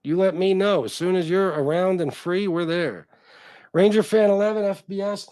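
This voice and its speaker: A man's voice: high voice, expressive, moderate pace, a little mellow, no room sound. A middle-aged man hosting a casual livestream, reading chat comments and talking in a blunt, profane, self-deprecating way.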